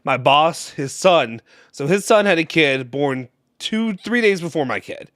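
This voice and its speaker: A man's voice: fairly high pitch, animated, unhurried, fairly bright tone, dry recording, clean studio sound. A young man co-hosting a fan live stream, joking and teasing with a laugh in casual chat. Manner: playful, laughs often, teasing.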